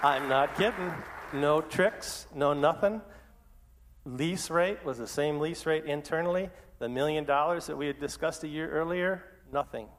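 A middle-aged man telling his testimony as a story, lively and acting out his own past words. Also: fairly high pitch, a little slow, long reverb tail, a faint crowd. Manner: animated, acts out his own past lines.

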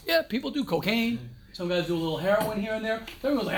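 A man's voice: sits high, sing-song, fast, slight background noise. A man giving an informal, emphatic talk to yeshiva students, repeating phrases and mixing in Hebrew and Yiddish words.

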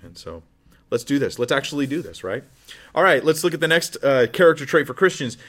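A man's voice: mid-range voice, expressive, a little fast, a bit bright. A man speaking as a pastor in a Bible teaching sermon, earnest and conversational, often asking the audience questions.

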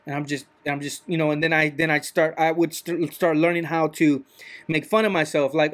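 A man's voice: a little high, fairly even intonation, a little fast. A man, a truck driver, talking in a rambling, casual monologue, often repeating "you know what I mean".

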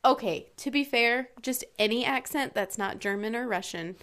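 A woman co-hosting a casual podcast chat, chatty, with quick asides and frequent laughs. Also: fairly high pitch, a bit bright. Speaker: podcast co-host.

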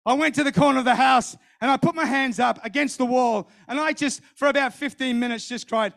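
This middle-aged preacher's voice is very high-pitched and gravelly, moving fairly quickly with hardly any pauses. He animatedly shares a personal story in his sermon, mimicking what others said and repeating phrases.

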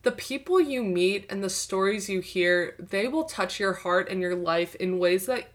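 A woman's voice: mid-range voice, a little slow. Effusive young woman co-hosting a podcast. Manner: warm, effusive, heartfelt. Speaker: podcast co-host. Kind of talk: casual chat.

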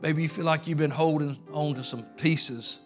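A man's voice: fairly high pitch, steady tone, moderate pace. Male pastor, folksy then fervent preaching, light music underneath. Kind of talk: sermon.

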